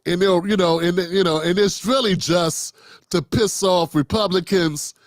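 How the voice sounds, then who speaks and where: A man's voice: high-pitched, steady tone, a little slow, no room sound, clean studio sound. A man hosting a political commentary show, talking off the cuff in a blunt, profane, rambling way with lots of restarts.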